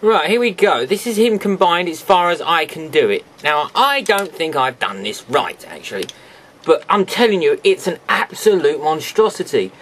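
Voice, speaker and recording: Chatty man with lively pitch. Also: moderate pace, a little hiss or hum. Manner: chatty, sarcastic asides to viewers. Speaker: toy reviewer. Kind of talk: casual video review.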